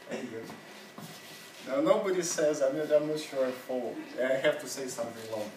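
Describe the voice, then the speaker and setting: A Russian-speaking seminar teacher with a mid-range voice sounds echoey and distant as he teaches in a university classroom. His classroom talk is casual and halting, he laughs often, and there's background noise.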